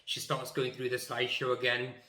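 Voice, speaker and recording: A young man telling a funny story from his school days, animated and emphatic, acting out the scenes. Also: medium pitch, fairly quick, echoey room. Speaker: YouTuber. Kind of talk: comic storytelling.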